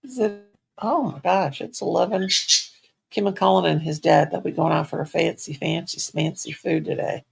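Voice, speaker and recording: A woman's voice: fairly low pitch, steady tone, normal speed, gravelly, a little mellow, breathy edge. A woman chatting casually at home on her livestream, talking to herself and cooing at her pets in baby talk. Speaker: livestream host.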